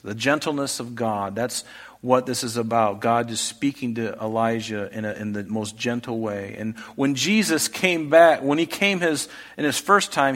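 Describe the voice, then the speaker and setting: A medium-pitched man delivers an earnest expository sermon full of rhetorical questions. He swings between loud, emphatic lines and soft, hushed ones.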